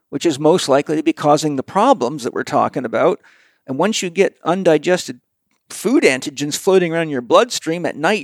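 A man's voice: on the high side, no room sound, clean studio sound. A man who speaks bluntly and with profanity, telling stories as he explains in a casual conversation. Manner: blunt, profane, animated storyteller. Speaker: guest practitioner.

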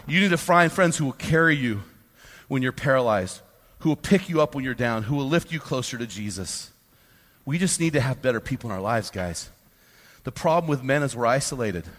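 A man preaching a fiery sermon to a room of men, swinging from hushed lows to loud, fired-up peaks. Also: lively intonation, fairly quick. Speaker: pastor. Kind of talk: sermon to a men's gathering. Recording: long hall reverb.

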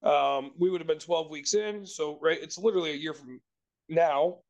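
A man's voice: on the high side, normal speed, lo-fi sound. A man in casual podcast chat, telling a long rambling story with restarts and casual swearing.

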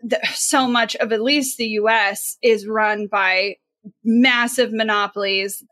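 A woman co-hosting a casual podcast chat. Her voice sits a little high, and she talks earnestly and with emphasis. She drops in plenty of filler words as she makes her point. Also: fairly even intonation, slow pace, sharp tone. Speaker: podcast co-host.

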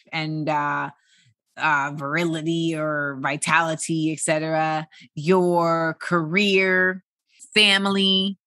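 A woman in her forties hosting a podcast, talking casually and animatedly with many fillers and excited bursts. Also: on the low side, no echo. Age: 40s. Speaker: podcast host. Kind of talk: casual solo podcast monologue.

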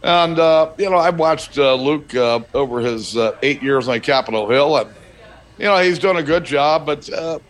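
An older man speaks in a folksy, halting way, full of little pauses and "uh"s. His voice sits a touch high for a man. He recalls things casually, as a guest dropping in. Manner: halting, many fillers, folksy. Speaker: former House Speaker, surprise guest. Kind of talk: casual reminiscing. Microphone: headphones, remote line.

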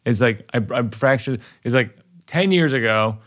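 A man's voice: mid-range voice, lively intonation, moderate pace, a bit bright. A man in his forties, a stand-up comedian, telling a rambling, self-deprecating story in casual chat while working through jokes. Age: 40s.

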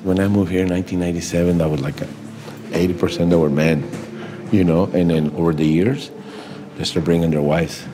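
A man's voice: deep voice, brisk, background noise. Older man. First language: Spanish. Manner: animated, acts out quotes, says "you know". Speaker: interviewee. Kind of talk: storytelling interview.

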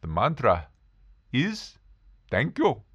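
A man's voice: mid-range voice, wildly swooping pitch, slow, fairly bright tone, breathy edge, muffled recording, exaggerated voice. A man putting on the voice of a serene old male guru who explains things patiently.

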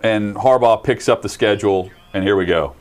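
A man's voice: lowish voice, normal speed. A man hosting a sports talk show, reading channel plugs and chatting about football with fillers and restarts. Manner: promotional, running through plugs with fillers. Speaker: show host.

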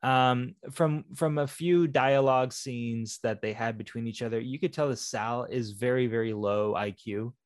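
A man's voice: mid-range voice, normal speed, hardly any pauses, no room sound, studio quality. A man in a casual film discussion, thinking aloud with many fillers.

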